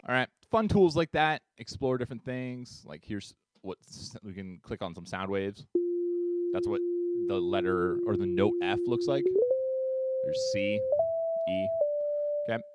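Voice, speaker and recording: A man teaching a music tutorial, upbeat and chatty, counting beats out loud as he demonstrates. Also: on the low side, measured pace, background noise. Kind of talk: screen-share tutorial.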